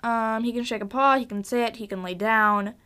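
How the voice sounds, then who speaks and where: A young woman with a fairly high voice hosts a casual solo podcast, recorded at home in her basement. She rambles and gushes, bubbly and full of fillers and restarts. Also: steady tone, moderate pace, pushed and bright, clean tone. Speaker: podcast host.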